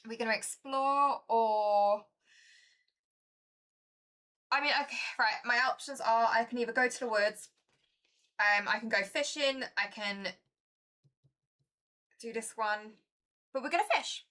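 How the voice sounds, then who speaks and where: Bright, chatty woman streaming. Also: a little high, a little slow, long pauses. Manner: chatty, giggly, easily excited. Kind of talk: casual live-stream board game playthrough.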